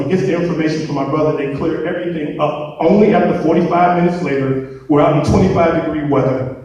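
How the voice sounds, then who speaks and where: A man telling a comic true story on stage, animated and profane, with a live-event sound. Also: a little high, quick pace, dull audio. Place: large hall on stage. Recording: echoey hall, distant mic.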